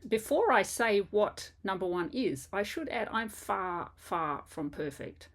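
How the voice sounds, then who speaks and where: A woman's voice: mid-range voice, animated, a little slow. An older woman, a native English speaker, gives a patient pronunciation lesson as a French teacher and spells words out letter by letter.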